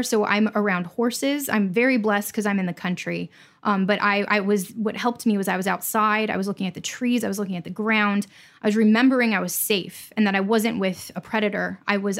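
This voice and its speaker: Earnest woman speaking with emphasis. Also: medium pitch. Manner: earnest and emphatic, repeats phrases for reassurance. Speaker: musician. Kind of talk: candid conversation.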